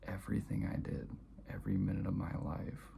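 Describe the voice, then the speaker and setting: A man vlogging and telling a personal story to camera, speaking softly and often dropping to a near-whisper. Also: sits low, big pitch swings, fairly quick, creaky, noisy background.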